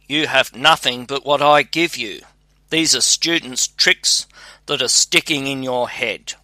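Man voicing a scolding old woodcutter, gruff, storybook father, sharp bright tone, slow. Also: mid-range voice, dry recording. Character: irritable old male woodcutter, a poor father.

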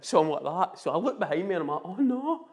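A middle-aged man with a Scottish accent telling a story in casual chat, animated and laughing often. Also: fairly high pitch, racing.

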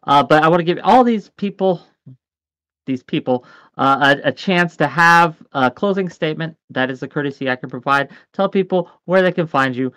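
A weary man moderating a heated online debate stream, cutting in firmly to halt the back-and-forth. His voice sits a little high and is recorded dry and close, with no room sound. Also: normal speed, a bit bright, clean tone, no room sound. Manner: firm, weary, interrupting to stop arguments.

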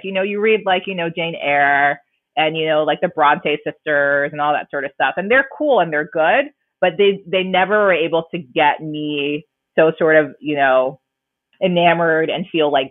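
A woman's voice: low-pitched, no echo. Woman podcast co-host rambling on, dry tinny phone-ish sound. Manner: rambling, self-correcting. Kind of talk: casual chat.

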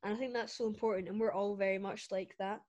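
A woman's voice: medium pitch, fairly even intonation, fast, lo-fi sound. A young woman, co-hosting a podcast and closing the episode in casual chat, sweary. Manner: loud, sweary, laughs often. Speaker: podcast co-host. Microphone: remote video call.

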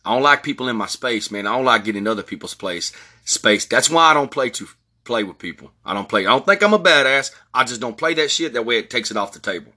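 A man in his forties with a drawl holds forth in a heated, blunt monologue, cussing freely. His voice is bright and forward, with a husky edge. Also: medium pitch, lively intonation, fast talker. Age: 40s. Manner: blunt, profane storytelling. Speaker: podcast host.

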